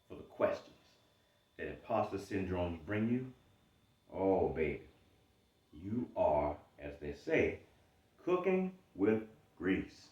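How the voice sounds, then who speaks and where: A man coaching on self-improvement in a monologue, animated, sometimes mocking his own doubts in a higher voice. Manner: animated, acts out inner doubting voice in high mocking tones. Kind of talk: explanatory monologue. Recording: dull roomy sound from mic at a distance.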